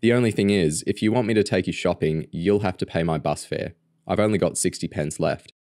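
A man's voice: low-pitched, fairly quick, a little mellow, dry recording, clean studio sound. A man reading aloud, voicing a cheeky teenage boy who teases his sister in an offhand way. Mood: teasing. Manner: teasing, offhand. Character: cheeky teenage boy, teasing big brother.

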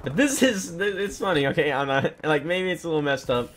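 A teenage boy vents a story in a profane, heated rant, jumping between loud outbursts and low mutters. His voice sits a bit high and swings widely in pitch. A faint noise hangs under the recording. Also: expressive, fairly quick. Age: teens. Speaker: vlogger.

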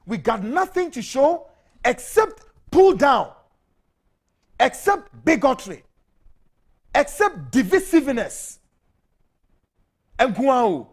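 A man's voice: very high voice, big pitch swings, takes it slowly, pauses often. A Ghanaian man hosting a talk show, delivering a fiery, ranting political commentary and switching between Twi and English.

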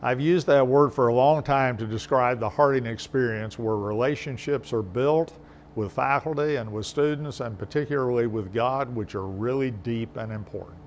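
Older man, gentle and unhurried. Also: medium pitch, a little hiss or hum. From New Mexico. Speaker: university president. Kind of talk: casual interview. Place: home, indoors.

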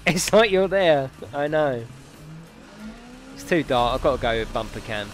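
A man's voice: mid-range voice, lively intonation, measured pace, slight background noise. A man streaming a racing game, chatting and joking with viewers and swearing freely over game music. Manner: banters with chat, swears freely. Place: home gaming setup.

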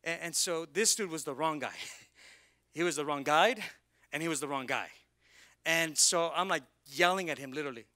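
A man pastor preaching a sermon, telling a personal story and rising to loud, fervent preaching. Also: on the high side, moderate pace. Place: church.

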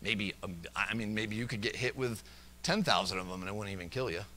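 A male pastor preaching a sermon, quoting scripture and moving between emphatic loud passages and hushed, close asides. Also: lowish voice, brisk, slight background noise. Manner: quotes scripture verse by verse. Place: church service.

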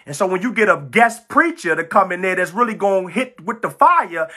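A woman's voice: mid-range voice, animated, fairly quick, few pauses, sharp tone, husky. A woman preaching a fiery sermon, full of emphatic repetition and stammered restarts.

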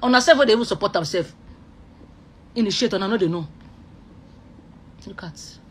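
A speaker with a Nigerian accent delivering an emotional online rant, repeating oaths and phrases and swinging between loud outbursts and low murmurs. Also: normal speed, husky.

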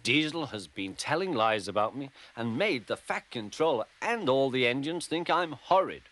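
A dignified little engine, put on by a man, who answers gravely and politely. The voice climbs higher than the narration and moves with a lot of lift. Music plays under it throughout. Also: sing-song, takes it slowly, fairly bright tone, heavily acted. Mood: aggrieved. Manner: polite and grave, a bit indignant. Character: proud, dignified male little tank engine. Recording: music playing behind.

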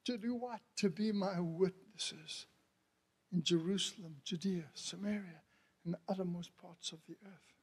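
A missionary preaches a sermon, speaking to and calling out to his congregation, shifting between quiet lines and loud cries, and laughing often. His voice sits high and is husky, with a steady tone and an unhurried pace.

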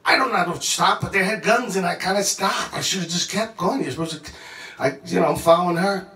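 A man with a fairly high voice tells a wild travel anecdote, cursing freely and getting worked up as he jumps from one thought to the next. His voice bounces around an echoey room, picked up from a few feet away. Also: brisk. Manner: excitable, profane, jumps around mid-sentence. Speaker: storyteller. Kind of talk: casual rambling anecdote. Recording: echoey room, mic at a distance.

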